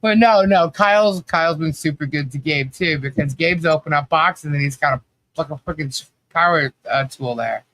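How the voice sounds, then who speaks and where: A man's voice: fairly high pitch, moderate pace, fairly bright tone. A man hosting a casual livestream, telling rambling stories with lots of fillers and laughter. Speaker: livestream host. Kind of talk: casual chat.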